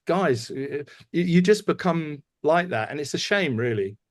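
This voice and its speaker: A middle-aged man co-hosting a podcast, chatting casually and telling lively anecdotes about touring. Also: fairly high pitch, unhurried. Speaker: podcast co-host. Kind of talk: casual chat.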